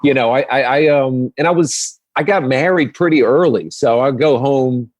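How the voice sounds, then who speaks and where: A man who is a guest comedian, talking in a relaxed, easygoing way on a podcast and laughing easily. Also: medium pitch, moderate pace, dry recording. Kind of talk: casual chat.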